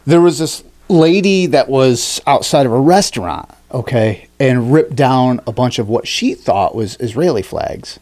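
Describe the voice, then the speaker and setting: A man co-hosting a casual podcast chat, swearing freely and acting out people he talks about in shrill mock voices. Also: a little slow, few pauses. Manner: animated, swearing, acts out high-pitched shrieking quotes. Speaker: podcast co-host.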